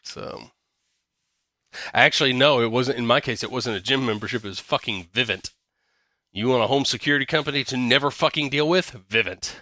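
A man's voice: mid-range voice, a little fast, bright, forceful tone, no room sound, clean studio sound. A man hosting a podcast, chatting casually and reading news articles aloud, swearing freely with a sarcastic, ranting manner. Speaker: podcast host.

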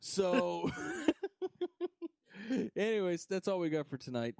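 A man's voice: high voice, expressive, slow, vocal fry, heavy background noise. A man hosting a casual podcast, rambling in a laid-back way and swearing now and then. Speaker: podcast host. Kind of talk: casual chat.

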